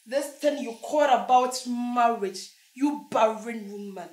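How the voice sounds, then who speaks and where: An actress playing a jealous younger sister who taunts and insults. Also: female voice, a little high, takes it slowly, a little mellow, echoey room, poor audio. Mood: taunting.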